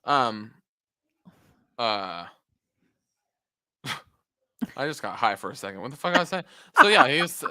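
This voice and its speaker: This podcast co-host talks in a loose, animated way, swearing freely while telling stories over a video call. The voice swings widely in pitch and has a bright, forceful edge. The sound is dry and close. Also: unhurried, long pauses, no room sound. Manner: animated storytelling, swears a lot. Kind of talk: casual chat.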